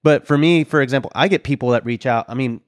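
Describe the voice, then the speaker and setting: A man with a middle-pitched voice talks in an easygoing, conversational way. His voice sounds dry and close, with no room echo. He comes across as the host of an interview. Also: quick pace. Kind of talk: casual interview chat.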